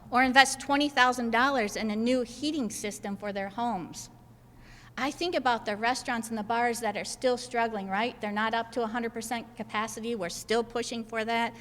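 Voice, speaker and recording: A woman state senator speaks at a press conference with emphatic, list-driven delivery. Her fairly high voice carries a long reverb that rings through a large hall. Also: a bit bright. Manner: emphatic, builds points in repeated lists. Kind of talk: political press conference speech. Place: indoor government building hall.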